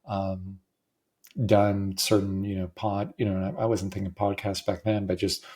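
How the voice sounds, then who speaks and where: A man hosting a podcast, talking in a halting way with many restarts and deep breaths, his voice cracking at times and emotional. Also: level tone, mellow. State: emotional, close to tears. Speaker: podcast host. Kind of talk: personal monologue.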